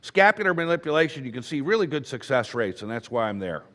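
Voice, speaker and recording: A man's voice: medium pitch, big pitch swings, fast, a bit bright, big-room sound. A man teaching emergency medicine at a conference, talking in a loose, conversational way and telling stories with acted quotes. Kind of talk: conference lecture.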